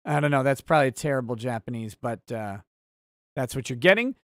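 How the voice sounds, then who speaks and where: A man hosting a relaxed livestream, reading viewer chat aloud and answering in a rambling, easily sidetracked, wry way. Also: mid-range voice, brisk, no echo, clean studio sound.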